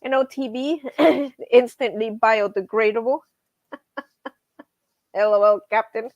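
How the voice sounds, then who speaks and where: A woman's voice: on the high side, steady tone, takes it slowly, no echo, highs cut off. A middle-aged woman hosting a casual livestream, chatty, laughing often and greeting viewers from the chat. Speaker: livestream host.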